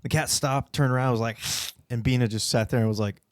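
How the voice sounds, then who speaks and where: A young man co-hosting a podcast in casual chat, telling animated, profane stories and acting out what his pets say. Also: medium pitch, fast, dry recording, studio quality. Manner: animated storytelling, swears freely, acts out pets' voices. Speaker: podcast co-host.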